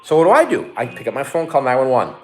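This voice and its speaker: A middle-aged man telling a story with a voice that leaps up and down in pitch. He swears freely and acts out what people said in quick bursts. Faint music sits under the talk. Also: big pitch swings. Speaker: online reseller and co-host. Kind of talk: casual storytelling chat.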